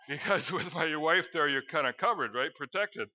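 A middle-aged man preaching a sermon, telling a story and breaking into loud exclamations. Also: a little high, moderate pace, hardly any pauses. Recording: dull lo-fi recording.

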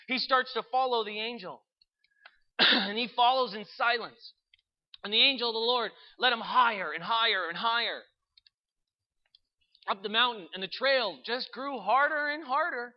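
A storyteller narrating a Christian story in an earnest, unhurried way, with asides to the listener. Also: mid-range voice, dull audio.

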